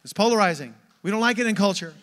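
A man preaching an energetic sermon, exhorting the congregation with rhetorical questions. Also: high voice, fast talker. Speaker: pastor. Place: church sanctuary. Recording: long church hall reverb.

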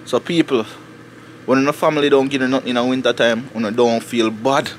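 A man with a Jamaican accent talking casually to camera for his family vlog outdoors in the snow, animated and preachy, slipping into patois. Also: mid-range voice, fairly quick, slight background noise. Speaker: family vlogger.

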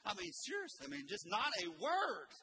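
An older man in his sixties preaches with a high, bright-toned voice, telling folksy stories. He swings between loud, emphatic lines and hushed asides. Steady background noise fills the church room. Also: fairly quick, vocal fry. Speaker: pastor. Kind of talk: sermon. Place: church sanctuary.

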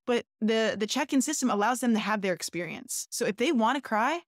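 A woman's voice: on the high side, animated, fairly quick, no room sound, clean studio sound. A woman, a rope artist, talking openly and earnestly about her work in a conversational interview, often restarting her phrases. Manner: earnest, open, with many restarts and "like". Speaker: shibari artist, guest.

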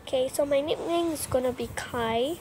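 A woman's voice: high voice, moderate pace, background noise. A woman giving casual commentary while playing a game, chattering nervously, putting herself down and bursting into exclamations. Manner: nervous, self-deprecating chatter with frequent exclamations. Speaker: gameplay vlogger.

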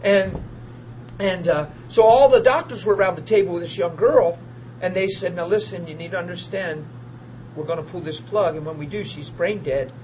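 A man preaching to a small group, telling testimony stories in a lively, informal way and acting out the people in them. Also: high voice, moderate pace. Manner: animated, acts out quoted voices, laughs often. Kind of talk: informal sermon storytelling. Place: small group meeting room. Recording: dull lo-fi archive recording with faint hiss.

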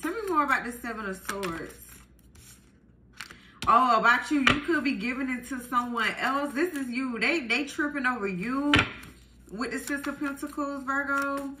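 A woman giving a casual tarot reading to viewers, chatty and animated, full of fillers. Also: high voice, normal speed, roomy sound, noisy background. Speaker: tarot reader.

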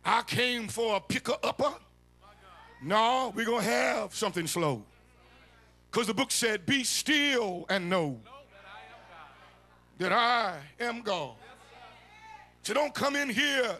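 A man preaching a sermon, shouting and chanting his lines in a sung, call-and-response cadence. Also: extremely high pitch, expressive, a little slow, long pauses, faint music behind. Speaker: bishop preaching. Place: church sanctuary.

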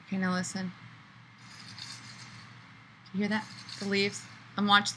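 Super excited woman author gushing in a hotel room, really bright sharp voice. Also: mid-range voice, unhurried, slight background noise, poor audio. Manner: gushing, breathless enthusiasm. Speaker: children's book author. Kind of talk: casual excited video chat.

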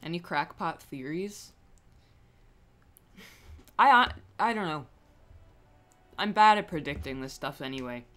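Relaxed streamer voice, slow drawl, mid pitch, casual cursing and easy laughter, soft music underneath. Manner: laid-back, swears casually, laughs often. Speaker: game streamer. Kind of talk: casual live-stream chat while gaming.

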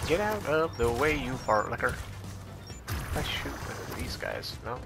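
Gravelly dude rambling thru a game, goofy noises, music going in the background. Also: male voice, mid-range voice, big pitch swings, unhurried. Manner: playful, muttering, silly sound noises. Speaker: gaming YouTuber. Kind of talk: casual gameplay commentary. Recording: game music playing under voice.

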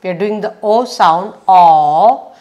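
Woman, phonics teacher, extremely slow pace, repeats letter sounds, mid-pitched. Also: darkish tone, highs cut off. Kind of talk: children's phonics lesson.

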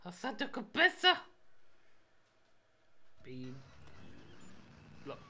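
A young man giving rambling, swear-heavy commentary on a game, with sudden loud outbursts. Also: high-pitched, wildly swooping pitch, very slow, creaky. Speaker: gameplay commentator. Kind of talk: casual let's play commentary.

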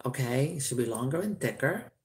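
A woman reviewing a doll in a chatty, rambling vlog, turning sharp when she scolds someone. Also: a bass voice, expressive, brisk.

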